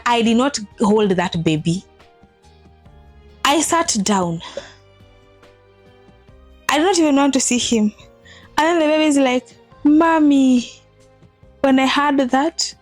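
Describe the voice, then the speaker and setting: A woman in her thirties tells a personal vlog story in an animated way, acting out what people said with big jumps in her voice. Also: dry recording. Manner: animated, acts out quotes with big pitch jumps. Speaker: vlogger telling a personal story. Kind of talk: emotional storytelling to camera.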